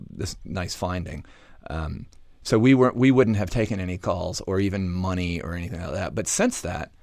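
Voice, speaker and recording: Low-voiced scientist from the US South. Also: male voice, no echo, studio quality. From Atlanta, US South. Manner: thoughtful, hesitant, frequent ums and restarts. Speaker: neuroscientist guest. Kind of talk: radio interview, conversational explaining.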